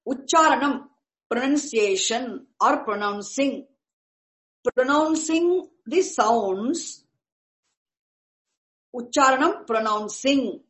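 A woman teacher lectures on chanting in a slightly high voice. She speaks slowly and patiently, circling back to repeat and rephrase each term. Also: expressive, fairly bright tone, poor audio. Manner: patient, repeats and restarts while explaining terms.

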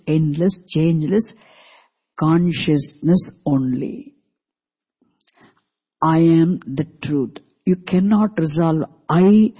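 Slow, mellow scripture teacher. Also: medium pitch, breathy edge. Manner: deliberate, repeats and explains Sanskrit terms; asks the class rhetorical questions. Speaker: Vedanta teacher. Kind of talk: scripture class lecture.

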